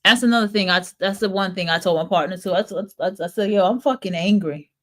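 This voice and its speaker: A woman's voice: mid-range voice, fast talker, fairly bright tone. A woman in her thirties hosting a podcast, venting in a blunt, profane, emphatic monologue. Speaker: podcast host. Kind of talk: casual monologue.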